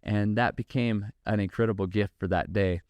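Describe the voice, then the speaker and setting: A middle-aged man speaks in a low, smooth, resonant voice, earnest and measured. He builds his points through preacherly repetition. The sound is dry and close. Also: steady tone, darkish tone, no room sound. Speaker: podcast host and company founder. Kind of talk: reflective faith-based monologue.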